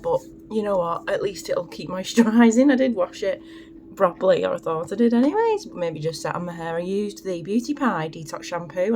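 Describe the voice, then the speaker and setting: A woman's voice: medium pitch, a little mellow, a little hiss or hum. A woman chatting casually through her morning skincare routine in a home vlog, rambling with self-deprecating asides. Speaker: beauty vlogger.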